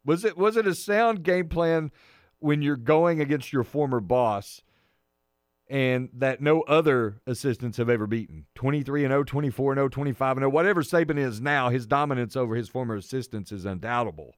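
Man, sports radio host, mid-pitched voice, dry close sound, emphatic, repeats himself, opinionated. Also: brisk, no room sound. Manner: emphatic, repeats his points for effect; opinionated, argues his takes. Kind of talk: sports talk radio chat.

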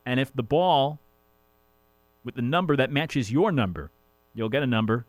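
A man's voice: medium pitch, lively intonation, normal speed, dry recording. A man hosting a sports radio show, talking casually with rambling jokey asides. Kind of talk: casual sports talk monologue.

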